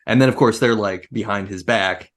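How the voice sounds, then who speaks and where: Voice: mid-range voice, moderate pace. A podcast co-host chatting casually, acting out quoted lines as they retell a film. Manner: animated, acts out lines in quoted voices. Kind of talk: casual chat.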